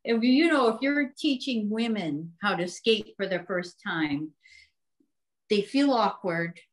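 A woman's voice: mid-range voice, measured pace, low-quality recording. A woman in her sixties, a hockey coach and physical therapist, telling stories in a casual podcast chat, laughing often and acting out what people said. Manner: animated storyteller, laughs often, acts out voices.

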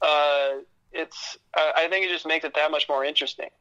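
A man's voice: a little high, steady tone, brisk, bright, forceful tone, clean tone, highs cut off. A man co-hosting a podcast, chatting casually about a TV series in a laid-back, profane way with lots of fillers. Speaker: podcast co-host. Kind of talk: casual film review chat.

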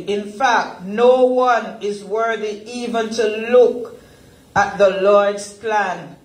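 A woman pastor leading a Bible study sermon, earnest and emotional, laughing often as she talks. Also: mid-range voice. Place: church worship center. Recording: echoey church room.

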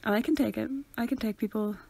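A woman's voice: fairly high pitch, creaky, a little mellow. A young woman with a Northern Irish accent, co-hosting a podcast in joking casual chat. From Northern Ireland. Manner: chatty and joking, quick banter. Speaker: podcast co-host.

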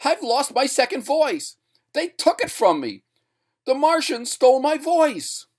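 A man voicing a panicked male ventriloquist who has lost his voice, crying out in frantic, high-pitched screams. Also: sing-song, a little slow, full character voice.

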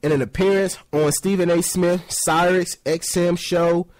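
A man giving a casual sports opinion rant, acting out other people in high mocking voices. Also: steady tone, unhurried. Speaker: sports commentary host.

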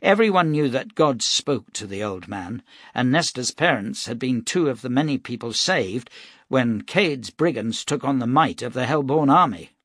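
A steady male audiobook narrator reads scripted text at normal speed with a medium-pitched voice. The recording is dry, with clean studio sound.

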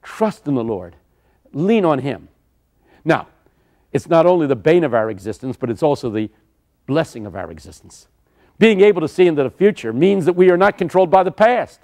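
An older man preaching a sermon, telling stories dramatically with sudden shouts. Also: fairly high pitch, big pitch swings, moderate pace. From United States.

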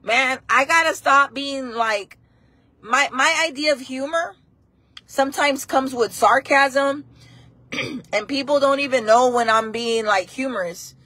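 A woman talks straight to her viewers in a loose, rambling live-stream chat, circling back over the same points. Her voice is bright and forward and sits a little high. The sound is close and dry, with no room around it. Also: unhurried, no room sound. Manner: chatty, rambling, repeats herself, greets viewers.

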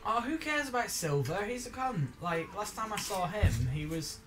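A man's voice: sits high, moderate pace, over music. A man chatting casually and swearing a lot while playing a game on a live stream. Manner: sweary, excitable, laughs often.

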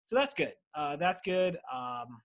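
A man's voice: on the high side, big pitch swings, measured pace. A man hosting his podcast from home, rambling casually and swearing constantly in a laid-back monologue. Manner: rambling, profane, laid-back stoner chat. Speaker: podcast host.

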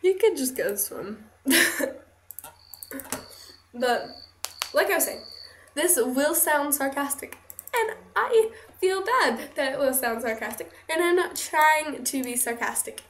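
A woman's voice: high-pitched, very animated, takes it slowly, pauses often. A woman chatting casually over gameplay at home, giggly and rambling, often second-guessing herself. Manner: giggly, rambling, self-conscious. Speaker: let's play host. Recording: echoey room.

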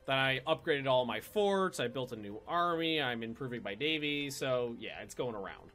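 A man's voice: medium pitch, expressive, normal speed, hardly any pauses, a bit bright, faint music behind. A man casually commenting as he plays a strategy game on stream, chatty and playful, swearing and repeating himself as he thinks. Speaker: let's play streamer.

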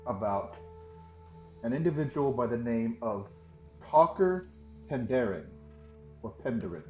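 A man narrating as game master in a tabletop game, relaxed and explanatory. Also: medium pitch. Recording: roomy, dull lo-fi sound with faint music.

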